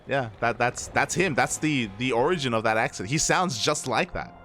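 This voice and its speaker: An esports caster gives lively play-by-play on a live game, joking and laughing as he addresses the chat. His mid-range voice moves at a moderate pace over soft background music.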